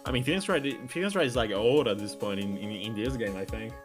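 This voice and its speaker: A woman's voice: very deep voice, fast talker, music in the background. A woman streamer chatting casually while playing a game, blunt, swearing and laughing often. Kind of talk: casual let's-play chat.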